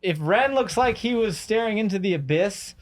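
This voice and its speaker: A man's voice: high voice, animated. Jokey man in casual podcast chat. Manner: jokey, quick questions. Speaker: podcast co-host.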